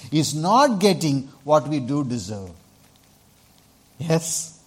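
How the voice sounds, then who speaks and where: A man's voice: on the high side, husky. A man with an Indian accent preaching a sermon in church, earnest and repetitive, drawing responses from the congregation. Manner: earnest, repeats himself, asks the congregation for responses. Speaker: pastor.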